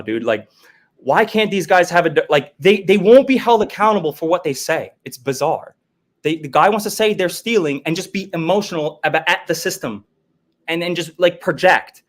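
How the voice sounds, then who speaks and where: A fired-up man arguing on a livestream, his voice pitched a little high. He swears freely, stumbles over repeated words and keeps demanding a straight answer. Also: expressive, moderate pace. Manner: profane, heated, repetitive, demanding answers. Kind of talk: confrontational livestream argument.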